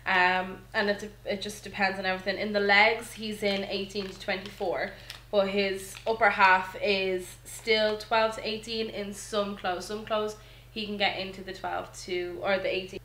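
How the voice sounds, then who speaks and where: A young woman, chatting casually to camera about her toddler, relaxed and full of ums and likes. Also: mid-range voice, moderate pace, a little hiss or hum. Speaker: mother vlogger. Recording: echoey room.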